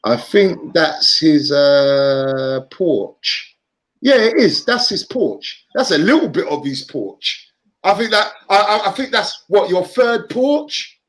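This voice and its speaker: A man's voice: a little high, sing-song, slow pace, fairly bright tone, rough recording. A Cockney man with a slightly raised voice hosts a casual live stream. He chats along in an upbeat way and says things twice or three times to drive them home. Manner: chatty, upbeat, repeats phrases for emphasis. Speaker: vlogger and live-stream host.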